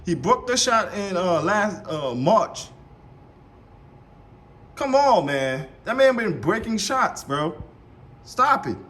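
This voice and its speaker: Heated high-voiced man reacting. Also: slow pace, pauses often. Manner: heated, animated, swears, repeats words. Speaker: reaction streamer. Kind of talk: live reaction commentary.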